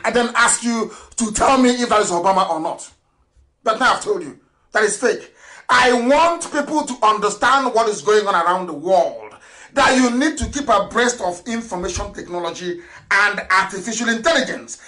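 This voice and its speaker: A man hosting an impassioned political broadcast, swinging between loud declarations and low asides and laughing often. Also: expressive, normal speed, poor audio. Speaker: broadcast host.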